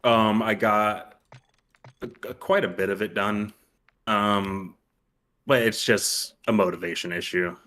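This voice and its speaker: A man's voice: on the low side, steady tone, slow pace, long pauses, bright, forceful tone. A young man co-hosting a casual stream chat, rambling and laughing often, swearing freely as he tells a game story. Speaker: stream co-host.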